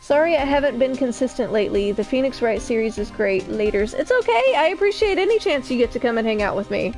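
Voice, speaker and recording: Chatty woman streamer, lively pitch. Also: fast talker, soft background music. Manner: chatty, joking asides. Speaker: game streamer. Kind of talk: casual let's-play commentary.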